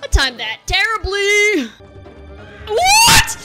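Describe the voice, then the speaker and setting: A young woman commentating a platform game as a let's play host, exasperated and breaking into shouty outbursts, over game music. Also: high-pitched, big pitch swings, measured pace. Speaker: gaming channel host.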